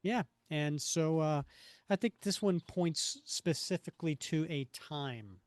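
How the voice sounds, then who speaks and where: A man co-hosting a podcast in relaxed, casual chat, often chuckling and trailing off with fillers. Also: a little high, a little slow, dry recording. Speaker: podcast co-host.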